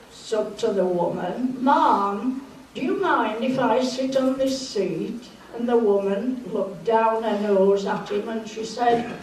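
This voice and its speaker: A woman telling jokes to a party crowd at an easy, unhurried pace, putting on the characters' lines. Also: on the high side, a little mellow, a little hiss or hum. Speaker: joke teller at a party. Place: large room at a Christmas party. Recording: echoey room, recorded from a distance.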